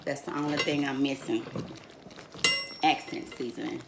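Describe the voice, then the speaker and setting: A woman's voice: extremely low pitch, fairly even intonation, normal speed, vocal fry, heavy background noise. An older woman, chatting folksily through a home cooking demonstration and calling her viewers honey and y'all. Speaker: home cook host. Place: home kitchen. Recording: echoey kitchen with cookware clatter.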